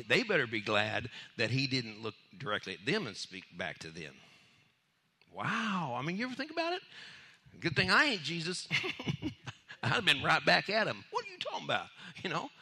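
Animated, bright-voiced man preaching. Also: fairly high pitch. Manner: animated, acts out voices, laughs between points. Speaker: pastor. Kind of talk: sermon.

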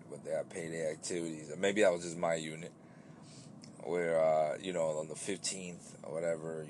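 A man's voice: low voice, a little hiss or hum. A man hosting his own podcast, talking loosely and rambling, with restarts and casual swearing, tired from an early start. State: tired, yawning. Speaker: podcast host.

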